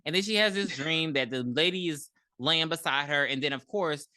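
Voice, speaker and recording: A woman's voice: low voice, moderate pace, no echo, clean studio sound. A woman co-hosting a podcast, recapping a movie in casual, profane chat and acting out the characters' lines. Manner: animated, profane, acts out characters in quotes. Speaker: podcast co-host.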